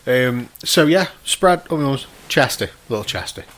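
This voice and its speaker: Bloke rambling through a story on a podcast, swears a lot, laughs lots, mid pitch. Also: male voice, lively intonation, normal speed, fairly bright tone. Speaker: podcast co-host. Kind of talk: casual chat.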